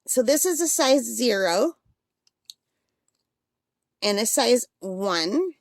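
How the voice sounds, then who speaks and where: Woman, a bit high-pitched, hiccuping, relaxed rambling unboxing chat, dry booth-like sound. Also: slow pace, dry recording. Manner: chatty, rambling, with fillers and small laughs. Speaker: art supply unboxing vlogger.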